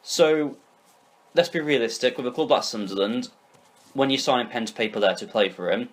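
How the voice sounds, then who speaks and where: Brief: young British man, podcast host, opinionated casual football talk. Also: mid-range voice. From Britain. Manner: opinionated, quick, asks questions.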